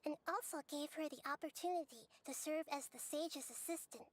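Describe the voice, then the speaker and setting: A woman voicing a small, calm goddess of wisdom in a video game, speaking in a measured, gentle way and explaining at length. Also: sits high, close to an everyday voice. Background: game music.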